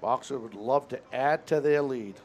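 Relaxed chatty man calling baseball. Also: mid-range voice, moderate pace, a little hiss or hum. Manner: relaxed, chatty, self-correcting. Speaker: play-by-play announcer. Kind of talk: local baseball play-by-play. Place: outdoor baseball stadium.

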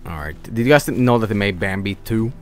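A man's voice: fairly low pitch, lively intonation, brisk, faint music behind. A young man streaming a game late at night, sleepy and rambling, with an itchy throat from hay allergy. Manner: rambling, drowsy, trailing off. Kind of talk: casual gameplay chat.

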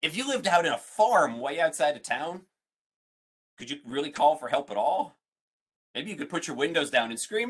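A man's voice: a little high, very animated, moderate pace, a bit bright, slightly rough. A man, a museum science educator, leading an online family science lesson, playful and full of questions for his audience.

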